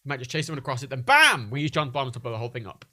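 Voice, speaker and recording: A man's voice: mid-range voice, very animated, racing, sharp tone. Sweary man streaming a game. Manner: chatty, sweary, jokey. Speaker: gaming livestreamer. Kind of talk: casual game commentary.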